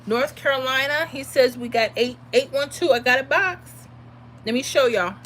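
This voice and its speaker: A woman's voice: high-pitched, moderate pace, fairly bright tone, slight background noise. A tired woman hosting a casual livestream, chatting and reading out viewer comments. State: tired from little sleep. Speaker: livestream host giving lottery predictions.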